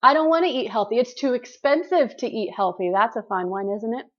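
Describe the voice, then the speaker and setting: A woman's voice: fairly high pitch, expressive, brisk, muffled recording. A woman hosting a group call and giving an earnest, preachy motivational talk straight to her listeners.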